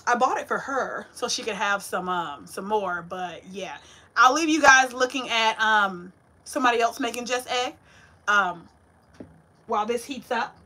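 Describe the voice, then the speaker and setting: A woman hosting a cooking livestream from her home kitchen, chatting with viewers in an animated, sassy way. Her voice sits high and sounds bright and forceful. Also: measured pace. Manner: chatty, animated, talks to viewers, sassy Southern-flavored slang. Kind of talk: casual livestream chat while cooking. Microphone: ring light setup.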